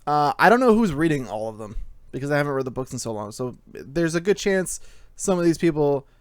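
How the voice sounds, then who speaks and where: A man co-hosting a casual podcast, talking in an animated way and laughing often. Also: a little high, brisk, no room sound. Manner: animated, laughing often while reading aloud. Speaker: podcast co-host. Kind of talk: casual chat.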